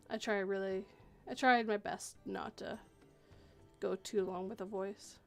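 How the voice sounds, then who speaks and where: A woman hosting a horror livestream, reading a story aloud and then chatting casually, clearing her throat and laughing often. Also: medium pitch, steady tone, takes it slowly, faint music behind.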